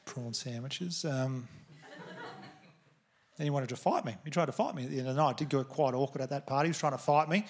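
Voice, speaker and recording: A man in his thirties with an Australian accent, doing stand-up comedy with crude, exasperated rants and loud outbursts. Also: mid-range voice, brisk, husky. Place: theatre stage before a laughing audience. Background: audience laughter.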